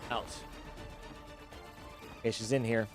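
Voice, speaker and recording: A young man streaming a game live, chatting casually with viewers and reacting excitedly to the action. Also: fairly low pitch, takes it slowly. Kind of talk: live gameplay streaming chat. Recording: faint game music behind.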